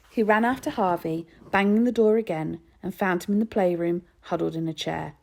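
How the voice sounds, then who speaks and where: A woman narrating a children's novel aloud in an expressive storytelling manner. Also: fairly low pitch, fairly quick, gravelly, few pauses.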